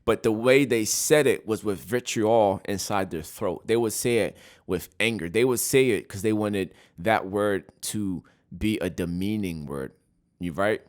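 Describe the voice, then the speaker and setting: A man's voice: on the low side, a little slow. A man hosting a casual solo podcast, talking through his opinions and often checking in with "right?". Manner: opinionated, repeats "right?" often, frequent restarts. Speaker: podcast host.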